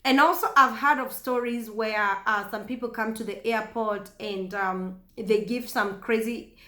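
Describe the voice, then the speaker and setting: A woman with a Kenyan accent telling a story casually to camera, chatty and animated, often laughing. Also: fairly high pitch, measured pace. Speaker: vlogger. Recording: echoey room.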